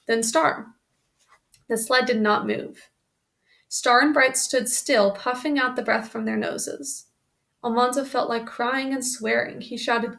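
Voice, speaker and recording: A woman's voice: on the high side, a bit bright. A woman reading a children's book aloud, stopping now and then to explain the story in plain asides. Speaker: reader.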